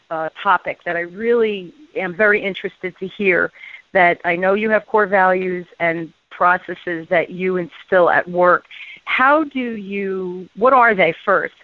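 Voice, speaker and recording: A woman's voice: lowish voice, dry recording. Woman radio host, chatty, laughing easily, dry close sound, slightly dull audio. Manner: chatty, laughs often, quick asides. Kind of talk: casual radio interview.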